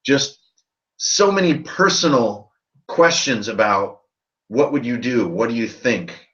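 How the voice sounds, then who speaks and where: A man hosts a live stream about tabletop role-playing games, tipsy from drinking and rambling on in loose, profane bursts. His voice sits at an everyday middle pitch. The recording sounds dull and lo-fi. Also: lively intonation, takes it slowly, fairly bright tone. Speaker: host of a tabletop RPG channel. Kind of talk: casual live-stream chat.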